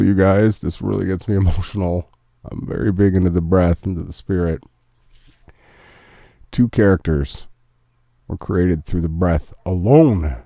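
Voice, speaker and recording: Gravelly-voiced earnest man hosting. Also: medium pitch, warm tone, no room sound, clean studio sound. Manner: earnest and emotional, speaks of faith. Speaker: morning show host. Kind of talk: casual live-stream chat reading memes.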